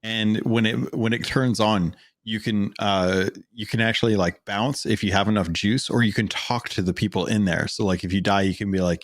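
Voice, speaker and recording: A man's voice: on the low side, steady tone, normal speed, hardly any pauses, dry recording, clean studio sound. A man co-hosting a podcast, chatting casually about video games, rambling with lots of fillers and restarts. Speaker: podcast co-host. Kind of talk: casual gaming chat.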